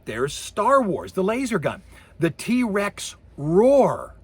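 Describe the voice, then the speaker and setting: Male lecturer, husky voice, very lively delivery, voices sound effects mid-lecture. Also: high-pitched, takes it slowly. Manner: animated, imitates sound effects with his voice. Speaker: university lecturer. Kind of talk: recorded course lecture.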